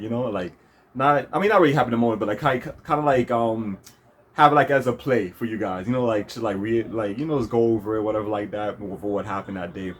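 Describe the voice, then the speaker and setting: Speaking with a fairly low voice over faint background noise, a man runs his own vlog and meanders through a casual story. He keeps restarting sentences, leans on filler words, and breaks into laughter a lot.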